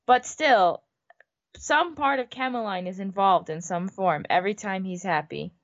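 A woman's voice: mid-range voice, normal speed. A woman co-hosting a podcast, chatting casually with wry questions and asides. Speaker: podcast co-host. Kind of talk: casual chat. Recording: dull lo-fi recording.

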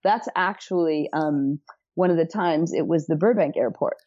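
A woman co-hosting a podcast who adds knowing side remarks and trivia. Her voice is low and mellow. The audio is dry and a little dull, like a lo-fi recording. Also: normal speed, dry recording. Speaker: podcast co-host. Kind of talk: casual chat with trivia asides.

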